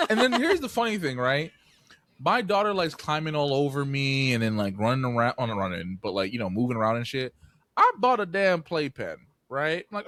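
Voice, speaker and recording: Young man, podcast co-host, casual chat, animated storyteller, swings his pitch a lot, dry close sound. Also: a little fast, no echo. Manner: animated storytelling, swears freely, acts out voices.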